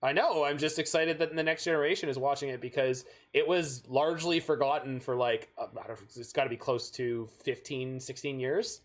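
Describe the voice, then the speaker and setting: A man's voice: mid-range voice, steady tone, a little fast, hardly any pauses. A man from Canada chatting casually while he plays a card game on stream and thinks aloud. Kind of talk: casual gameplay chat.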